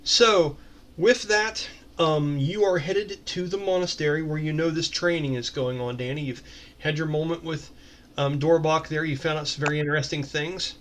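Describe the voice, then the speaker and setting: A man's voice: a little high, steady tone, moderate pace, fairly bright tone. A man serving as game master, narrating a tabletop game from home in a chatty, filler-heavy way.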